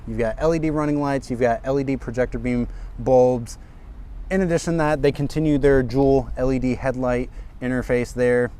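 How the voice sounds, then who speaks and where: A man giving an energetic, chatty walkaround car review outdoors at a dealership, talking straight to his viewers. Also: medium pitch, a little hiss or hum.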